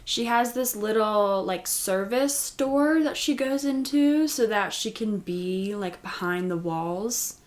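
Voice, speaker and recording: A woman's voice: medium pitch, animated, slow pace, few pauses. A woman giving a casual, chatty recap of a TV episode, with lots of "like" and "you know". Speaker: recap host.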